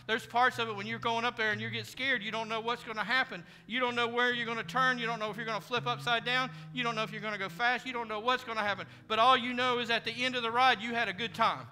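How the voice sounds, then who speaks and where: High-voiced pastor preaching in a hall. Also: male voice, steady tone, quick pace, hardly any pauses, sharp tone, slight background noise. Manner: earnest, preacherly, voicing imagined prayers and speeches. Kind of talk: sermon. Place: church sanctuary. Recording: church hall reverb with music behind.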